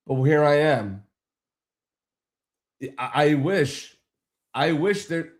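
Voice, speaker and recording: A man's voice: fairly high pitch, lively intonation, drawn-out words. A man casually telling a long, frustrated story on a live stream, rambling and swearing freely.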